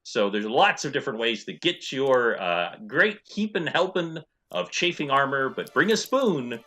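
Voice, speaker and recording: Lively man narrating as dungeon master. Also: medium pitch, unhurried. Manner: animated, playful, with sound effects. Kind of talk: narrating a tabletop game.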